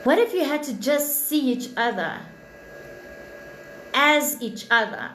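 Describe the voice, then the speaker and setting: A very high-voiced woman hosting a livestream and preaching in a blunt, impassioned way, with swearing sprinkled through her talk. Her voice bounces around an echoey room. A faint hiss sits under it. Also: animated, slow pace, fairly bright tone. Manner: blunt, profane, preachy and emphatic. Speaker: live stream host, spiritual reader.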